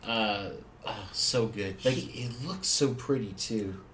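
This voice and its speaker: A man co-hosting a podcast, chatting casually and agreeably with some halting restarts. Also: fairly low pitch, a bit bright. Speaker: podcast co-host. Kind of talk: casual review chat. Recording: echoey room with faint hiss.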